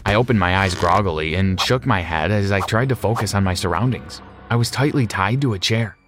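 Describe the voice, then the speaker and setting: A man narrating a scripted story in a steady, measured reading voice. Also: low voice. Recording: music behind.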